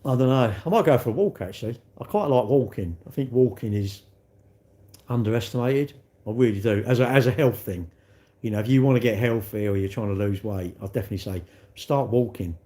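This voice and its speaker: A man's voice: medium pitch, fast, dark tone. A man hosting a live stream, chatting in a rambling, self-mocking way and answering viewers.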